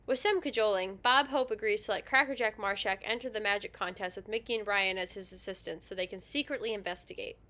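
A woman's voice: medium pitch, fast, hardly any pauses, sharp tone. A woman co-hosting a casual podcast, reading out an episode recap and often laughing at her own slips. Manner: laughs often, self-deprecating. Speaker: podcast co-host.

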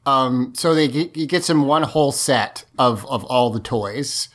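A man's voice: mid-range voice, measured pace. A man hosting a casual movie talk, recapping the plot in a loose, profane way.

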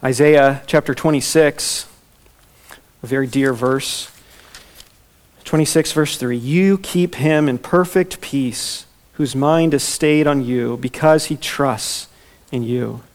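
A man preaching an expository sermon, earnest, slowing down and softening as he reads scripture aloud. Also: mid-range voice. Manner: earnest, slows down and softens when reading scripture. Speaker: pastor.

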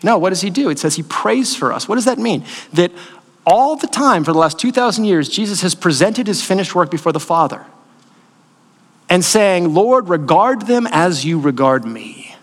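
A middle-aged male pastor with a notably high-pitched voice, preaching in a relaxed, conversational manner. He keeps asking the congregation questions and answering them himself. His voice trails off into the long reverb of a large sanctuary. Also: moderate pace. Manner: conversational storytelling with fillers. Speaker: lead pastor. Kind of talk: sermon.

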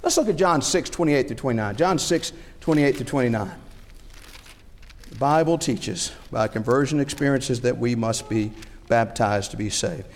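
A middle-aged man preaching a sermon, animated, asking rhetorical questions and acting out everyday scenarios. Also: medium pitch, moderate pace. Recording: long hall reverb.

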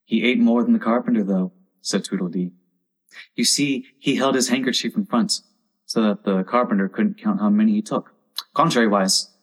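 A man's voice: lowish voice, normal speed, natural voice, low-quality recording. A man voicing a smug, contrary little fellow with a matter-of-fact manner.

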